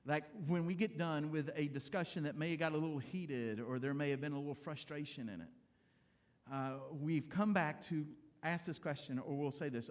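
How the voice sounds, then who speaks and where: A middle-aged pastor with a high voice preaches in a church sanctuary. He talks straight to his congregation, conversational and joking. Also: normal speed. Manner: conversational, humorous preaching addressing the congregation directly. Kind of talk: sermon.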